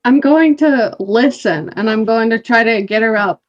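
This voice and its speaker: A woman's voice: fairly high pitch, moderate pace. A woman playing a tabletop game, talking casually and a little hesitantly as she checks the rules. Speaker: player. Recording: dull lo-fi mic.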